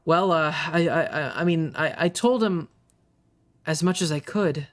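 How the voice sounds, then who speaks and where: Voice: mid-range voice, unhurried, lightly acted. A game master voicing a nervous uncle who hesitates and stammers through his words. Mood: flustered. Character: nervous uncle keeping family secrets.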